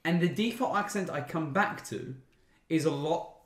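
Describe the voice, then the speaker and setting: A young man co-hosting a casual podcast, playful and quick to break into joke accents. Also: fairly high pitch. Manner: playful, jumps into joke accents and loud outbursts. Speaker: podcast co-host. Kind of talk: casual chat full of put-on accents. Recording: echoey room.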